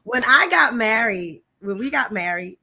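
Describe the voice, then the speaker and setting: A woman's voice: fairly high pitch, lively intonation, a little slow, bright, forceful tone. A woman guest, telling her marriage story and acting out the dialogue. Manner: storytelling, acts out dialogue, laughs easily. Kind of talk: candid testimony in interview.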